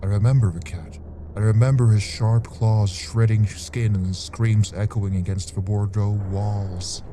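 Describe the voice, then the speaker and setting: A man reading the inner monologue of a brooding young demon noble who recalls dark memories in solemn, poetic words. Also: lowish voice, fairly even intonation, a little slow, noisy background, lightly acted.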